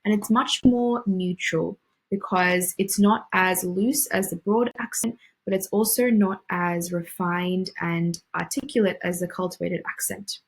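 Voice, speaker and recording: A woman's voice: fairly low pitch, fairly even intonation, measured pace, husky, poor audio. A young woman from Australia with a general Australian accent, tutoring in a casual explainer style with frequent ums and restarts. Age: young adult. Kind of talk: educational explainer.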